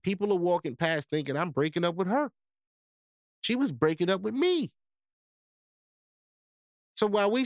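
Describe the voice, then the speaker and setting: A young male podcast host delivers a candid personal story as a casual monologue in profane street slang. His voice sits high and creaky, recorded at studio quality with no echo.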